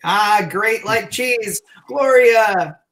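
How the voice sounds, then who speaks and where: A man co-hosting and directing a live online improv show, talking in quick, upbeat emcee patter over a video call. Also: high-pitched, fairly bright tone, rough recording. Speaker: co-host and director of the improv troupe.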